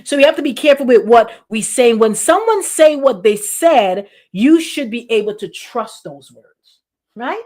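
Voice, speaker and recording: A woman pastor preaching in a lively, repetitive style, acting out quotes along the way. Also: on the high side, normal speed. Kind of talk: sermon.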